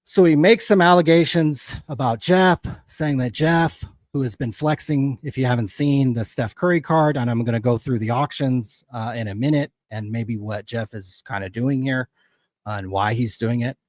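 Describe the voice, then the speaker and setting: Angry sweary guy ranting on his livestream, dry sound, regular pitch. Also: moderate pace, no room sound. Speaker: livestream host. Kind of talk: heated casual commentary.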